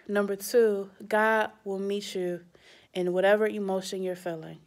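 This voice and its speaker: A woman's voice: medium pitch, level tone, moderate pace. A young adult woman, a children's pastor, speaking straight to the kids in a sermon with emphatic rises. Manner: warm, direct address to kids, emphatic rises.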